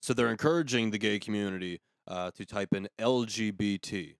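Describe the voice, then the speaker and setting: A man's voice: on the low side, normal speed, no echo, clean studio sound. A young man hosting a casual podcast, opinionated and sarcastic, cutting in to finish his thoughts. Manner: opinionated, sarcastic, talks over co-host. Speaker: podcast host. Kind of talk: casual ranting chat.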